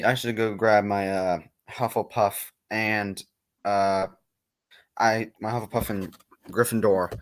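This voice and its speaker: A man's voice: lowish voice, fairly even intonation, a little slow. A man in a class reading a problem aloud, hesitant and apologetic and stumbling over words.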